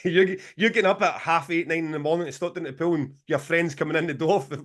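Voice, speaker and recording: A man's voice: a little high, fairly even intonation, fast talker. A man in his forties co-hosting a podcast, telling a long story in casual chat, swearing freely and laughing as he goes. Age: 40s. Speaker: podcast co-host.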